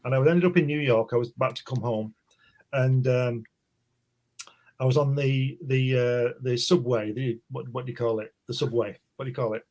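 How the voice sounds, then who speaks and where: A man's voice: medium pitch, a little mellow. Rambling older Englishman telling stories. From England. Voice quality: rambling, halting, repeats words. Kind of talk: casual storytelling chat.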